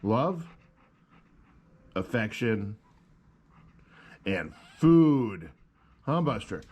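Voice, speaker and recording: A man vlogging casually, switching to a high sing-song voice for his dog and talking easily to the camera. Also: slow, pauses often. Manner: relaxed, easygoing narration. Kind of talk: casual vlog chat. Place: at home with a dog.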